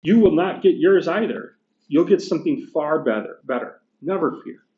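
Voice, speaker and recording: A man reading as a calm, serene spirit. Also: on the high side, moderate pace, pitched above the performer's own voice, natural voice. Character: serene, joyful male spirit, calm and patient. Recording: echoey room, dull lo-fi sound.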